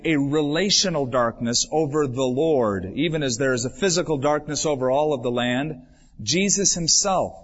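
A man preaching from the pulpit, his voice swelling with emphasis and then falling away to a hush. It sits a little higher than most men's voices. The old recording sounds dull and muffled, like a church tape from the nineties. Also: husky. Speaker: pastor. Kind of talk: sermon.

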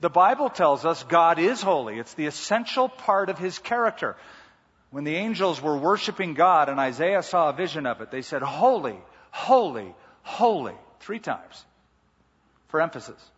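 A man's voice: a little high, animated, moderate pace, a bit bright, breathy edge. A male pastor preaching a sermon, emphatic and repeating key words. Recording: muffled hall reverb.

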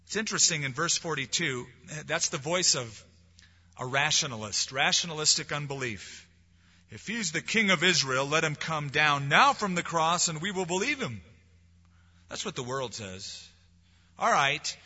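A man's voice: on the high side, animated, normal speed, slightly rough, highs cut off. Preaching man in an echoey hall. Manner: preaching with swelling emphasis and soft drops. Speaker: pastor. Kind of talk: sermon.

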